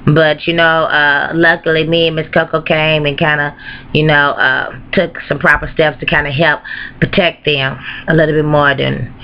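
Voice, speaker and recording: A woman's voice: low-pitched, level tone, moderate pace, highs cut off. A woman telling a comic story in a brash, profane, gossiping way. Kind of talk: comedic storytelling vlog.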